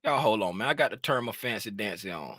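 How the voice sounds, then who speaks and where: A bright-toned man talks to his viewers in a slow, rambling way, circling back to the same phrases again and again. His pitch swings widely as he vents and jokes, and the sound is close and dry. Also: breathy edge, dry recording. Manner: animated, rambling, venting with repeated phrases. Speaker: trading educator. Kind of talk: casual live-stream commentary.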